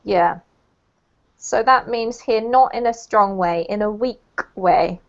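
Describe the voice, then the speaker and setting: A woman's voice: medium pitch, takes it slowly. A woman teaching English in an online lesson, explaining words patiently and checking understanding with little questions. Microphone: video call. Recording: muffled video-call audio.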